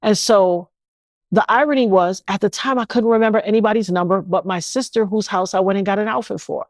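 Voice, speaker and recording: A middle-aged woman from New York, an interview guest telling her own story in an animated, indignant way and slipping into other people's voices. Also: mid-range voice, brisk, no room sound. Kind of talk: emotional first-person storytelling.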